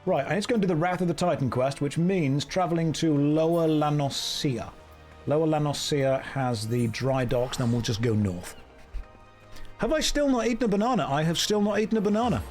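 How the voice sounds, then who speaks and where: A British man streaming a game, bantering with chat in a sarcastic, deadpan way. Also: on the high side, fairly quick, faint music behind. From Britain. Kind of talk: casual livestream commentary.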